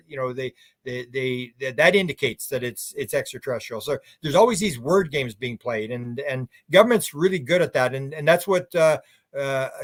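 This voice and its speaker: A man's voice: fairly high pitch, a bit bright, dry recording, clean studio sound. An older man, a researcher guest on a radio interview, talking in long, rambling, opinionated run-on thoughts.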